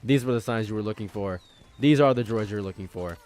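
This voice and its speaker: A man's voice: fairly low pitch, brisk, darkish tone. A young man streaming, chatting casually and joking around, often repeating his lines for comic effect. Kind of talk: casual rambling stream banter.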